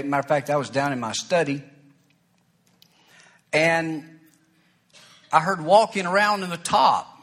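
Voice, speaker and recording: A man's voice: medium pitch, fairly bright tone. A man preaching a sermon as pastor, telling a personal story in a folksy, conversational way with small asides. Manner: folksy, conversational, breaks into acted quotes and asides.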